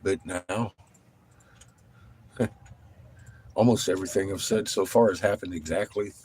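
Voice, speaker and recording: A middle-aged man livestreaming a profane rant, dropping from low muttering to loud, combative outbursts. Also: fairly even intonation, a little slow, a little hiss or hum. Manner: heavy swearing, blunt and combative.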